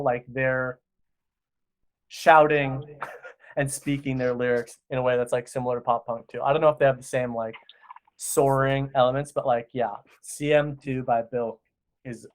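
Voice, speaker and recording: A man chatting casually in an interview, talking enthusiastically in rambling sentences full of "like". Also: mid-range voice. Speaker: podcast director.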